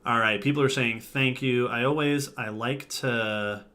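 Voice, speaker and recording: Man, podcast co-host, bright forceful tone, easygoing rambling with frequent laughs. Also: mid-range voice, a little slow. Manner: rambling, laughs often, reads chat comments aloud. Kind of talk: casual livestream sign-off chat.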